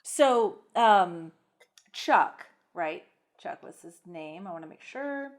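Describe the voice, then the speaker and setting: A middle-aged woman co-hosting a podcast in casual chat, lively and quick to act out lines in voices. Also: lowish voice. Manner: animated, acts out lines from the film in voices. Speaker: podcast co-host.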